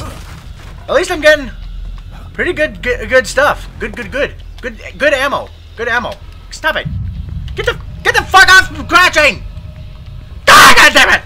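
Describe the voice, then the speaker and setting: Hoarse, screaming young gamer. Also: male voice, very high-pitched, bright, forceful tone. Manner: screams and swears at scares, then mutters. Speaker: gaming video host. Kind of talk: horror game commentary.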